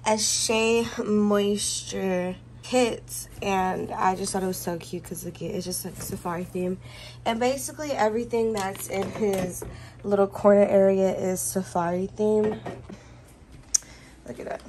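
A woman's voice: mid-range voice, moderate pace, mellow, rough recording. A young, heavily pregnant woman chats her way through a tour of her baby's corner at home. She gushes over small things, corrects herself often and sounds a little out of breath. Faint background noise sits under her voice. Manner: chatty, self-correcting, gushing. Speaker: vlogger. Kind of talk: casual room tour.

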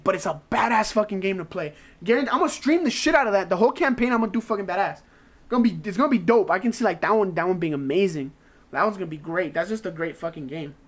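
A man streaming games who rants in a casual, rambling way, swearing constantly and acting out his own reactions in quick asides. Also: high voice, a bit bright. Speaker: game streamer. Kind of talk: casual profane gaming rant.

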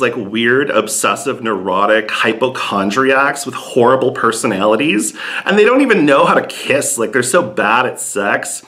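Brief: male comedian, sassy and campy, blunt delivery, bright and forceful tone. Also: medium pitch, expressive, normal speed. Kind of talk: comedic monologue.

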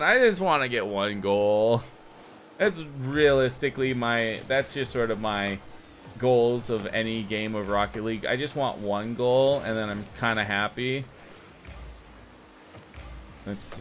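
A young man giving casual live commentary while playing a game online, rambling and self-mocking, with sudden excited outbursts. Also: lowish voice, slight background noise. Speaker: gaming streamer.

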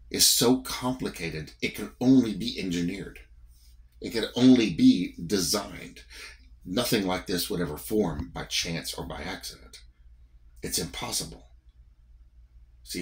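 A man's voice: sits low, a bit bright. A man with a Southern US accent giving a morning devotion, preaching in an emphatic, repetitive, conversational way. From American South.

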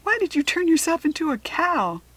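A woman reading a storybook and voicing an earnest young farm girl, with a breathy, eager and questioning manner. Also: fairly high pitch, big pitch swings, normal speed, dry recording, pitched above the performer's own voice, low-quality recording.

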